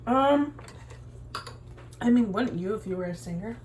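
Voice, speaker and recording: A young woman, a youth ministry leader, chatting casually while cooking and telling an animated story. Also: a little high, unhurried, over a noisy crowd, poor audio.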